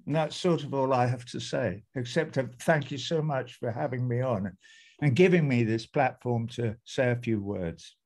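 A man's voice: mid-range voice, normal speed, darkish tone. A man giving an impassioned, emphatic speech as an activist guest on a video call, repeating phrases for force.

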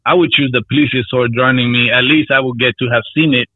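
A man talks over a tinny, phone-like line that sounds dry and close. He is laid-back as a podcast guest, swears freely and laughs easily. His voice sits at a middling pitch. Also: steady tone, brisk, no echo. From Puerto Rico. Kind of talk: casual chat.

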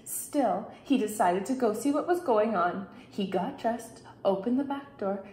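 Brief: young female teacher, storybook read-aloud, slow and bouncy, roomy echo. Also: mid-range voice. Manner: expressive read-aloud with big shouted character lines. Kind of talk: reading a picture book aloud to children. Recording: echoey room.

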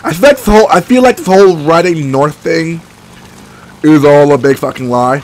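A sick man with a cracking voice giving rambling, excitable gameplay commentary, swearing often. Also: fairly high pitch, normal speed. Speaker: let's play gamer.

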